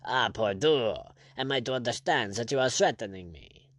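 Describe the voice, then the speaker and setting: Haughty French noble general, disdainful; voiced by a male audiobook reader. Animated delivery, dry booth. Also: medium pitch, normal speed, no echo, lightly acted. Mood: angry. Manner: disdainful, icy, angry.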